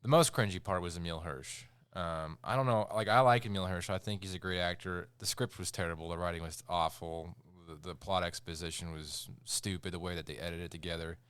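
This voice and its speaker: A man's voice: low-pitched, fairly even intonation, fairly quick, few pauses, a bit bright, clean tone, no room sound. A man co-hosting a podcast, reviewing a movie in casual chat with a rambling, sarcastic manner, acting out scenes. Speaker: podcast co-host.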